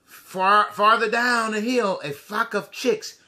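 A man teacher who reads a picture book aloud to young children, speaking slowly and deliberately and asking them questions. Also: high voice, fairly even intonation, pushed and bright.

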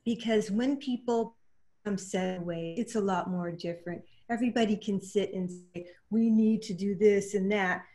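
A woman quilt artist talking in a panel discussion over a video call, earnest and halting, getting emotional as she speaks. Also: medium pitch, mellow.

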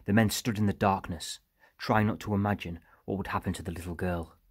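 A man narrating an audiobook in a steady storytelling manner. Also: low-pitched, brisk, slightly rough, dry recording, studio quality. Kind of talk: scripted narration.

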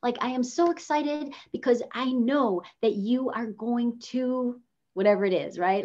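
A woman's voice: moderate pace, a little mellow, lo-fi sound. Woman coaching on video presence. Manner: demonstrative, shifts pitch to show intonation; casual, with fillers. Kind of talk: teaching workshop.

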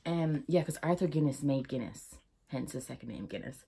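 A young woman with an Irish accent talks through her vlog in a low, husky voice, easily set off into giggles. Her tone is dark and mellow, and she chats in a loose, rambling way. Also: expressive, moderate pace. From Ireland. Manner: giggly and chatty, prone to laughing fits. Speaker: YouTuber. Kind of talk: casual vlog chat.

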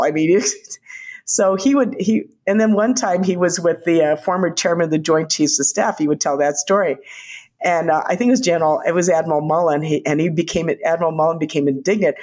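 Older woman guest, storyteller, lively anecdotes with quick quoted voices. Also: lowish voice. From United States. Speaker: guest, former White House physician. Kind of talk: conversational storytelling.

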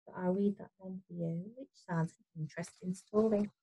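A woman teacher reading a storybook aloud to children, expressive and gentle, pausing to explain the story. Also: mid-range voice, breathy edge, low-quality recording. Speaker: primary school teacher.

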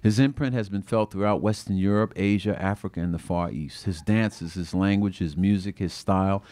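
Author reading his book aloud, low voice, dry close sound, animated storytelling. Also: moderate pace, dry recording. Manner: expressive, acting out the quoted voices. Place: bookstore reading event.

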